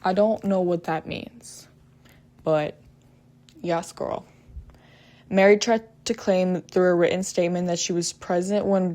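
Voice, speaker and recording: A woman with a slightly low voice narrates a true crime case in a loose, casual way. She stumbles over words and restarts often. She cuts in with swearing, blunt asides of her own. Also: mellow. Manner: blunt, profane asides between retelling facts; hesitant, with frequent restarts and "um".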